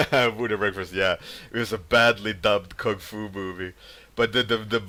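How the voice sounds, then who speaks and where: A livestreaming artist chats casually on his stream, rambling about dreams, laughing often, and reading viewers' names aloud to greet them. His low voice sounds pushed and bright, with slight background noise.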